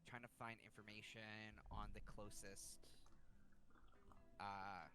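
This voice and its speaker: A player describing his character's actions in a hesitant, halting way during a tabletop game. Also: medium pitch, little pitch movement, bright, forceful tone. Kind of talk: casual game talk.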